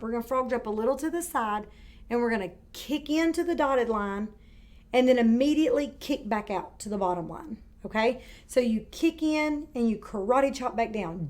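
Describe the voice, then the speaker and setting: A woman teaching a kindergarten video lesson, speaking slowly and clearly and stretching out words for young children. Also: on the high side, darkish tone.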